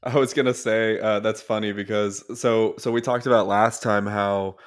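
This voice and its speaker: Low, smooth-voiced man chatting casually. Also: steady tone, moderate pace. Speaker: podcast co-host, device sales rep. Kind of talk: casual podcast chat.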